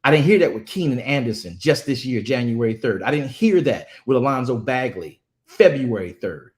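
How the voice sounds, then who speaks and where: A man's voice: mid-range voice, animated, moderate pace. A man from a ministry giving impassioned commentary, emphatic and repetitive, often stammering as he restarts phrases. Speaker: ministry speaker.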